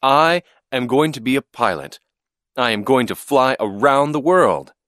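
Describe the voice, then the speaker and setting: A man voicing an eager young boy who loves airplanes, shouting with wide-eyed excitement. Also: mid-range voice, unhurried, dry recording, studio quality, pitched above the performer's own voice. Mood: earnest.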